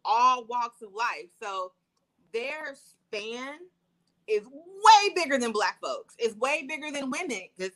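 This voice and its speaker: Bright, animated woman co-host. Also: on the high side, slow pace. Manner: animated, sassy storytelling. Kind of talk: casual pop-culture chat. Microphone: wireless earbuds.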